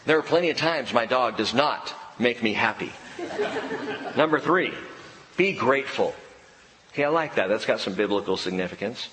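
A man's voice: medium pitch, animated, moderate pace, long pauses, fairly bright tone. Man preaching in a reverberant hall. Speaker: pastor. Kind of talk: sermon. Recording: long hall reverb, faint ambience.

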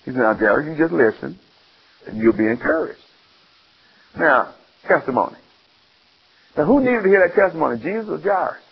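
A man preaching with a gravelly, husky voice, his pitch sitting a little high. He tells the story animatedly, acting out the scenes and firing questions at his listeners. The sound is muffled, like an old radio broadcast. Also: sing-song, moderate pace, long pauses. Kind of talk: sermon.

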